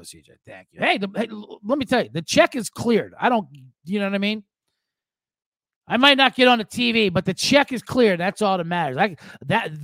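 A man's voice: high-pitched, a bit bright, no room sound. A man in his forties hosting a podcast, telling rambling, profane, self-deprecating stories. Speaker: podcast host. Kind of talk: casual sports podcast monologue.

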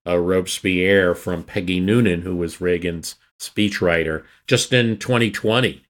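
Man, low pitch, enthusiastic, rambling, podcast guest. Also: measured pace, fairly bright tone. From United States. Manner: enthusiastic, rambling with repeated restarts. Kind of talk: casual history discussion.

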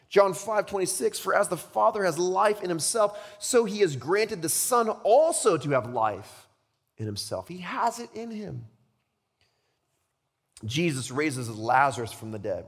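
A man's voice: sits high, big-room sound. A pastor in his thirties preaching a sermon in a conversational way, repeating words and asking rhetorical questions.

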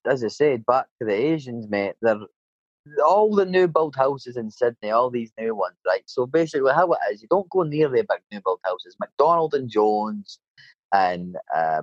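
A man's voice: lowish voice, dry recording, lo-fi sound. A man from Dundee with a Scottish accent, a painter and decorator chatting casually in a blunt, sweary way, peppering his talk with "mate" and "eh?". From Scotland. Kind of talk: casual chat.

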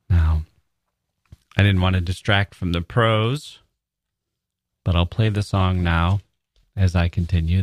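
A man hosting a podcast, reading a story in a measured, reflective way and commenting on it. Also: low voice, darkish tone, no echo. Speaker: podcast host.

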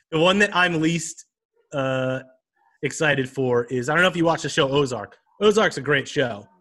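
An easygoing man co-hosting a joking news podcast. His voice is bright and clear. He makes his remarks in a dry, wry way. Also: fairly high pitch, expressive, a little slow, long pauses. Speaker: podcast co-host. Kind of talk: casual comedic news chat.

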